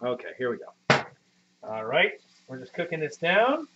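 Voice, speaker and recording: His voice sits on the high side and has a sing-song quality at normal speed, with heavy background noise. The speaker, a man in his thirties, live-streams from his home kitchen in muffled lo-fi audio, chatting rambly, profanely, and self-deprecatingly with viewers.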